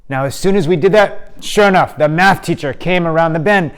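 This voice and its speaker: A male teacher telling a story to his students, slow and hesitant with many pauses and acted voices. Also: fairly high pitch, clean tone.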